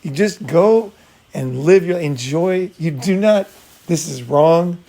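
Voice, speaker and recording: Brief: animated, blunt dating coach, a man with a gravelly, slightly high voice who acts out scenes. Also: slow pace. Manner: animated, acts out both sides, blunt and profane. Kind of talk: casual talk with acted-out scenes.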